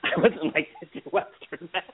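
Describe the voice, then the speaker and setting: Over a phone-like narrow-band recording, a male podcast host tells stories in casual chat, his voice high-ish, slightly rough, at a moderate pace. He's an animated storyteller who laughs often.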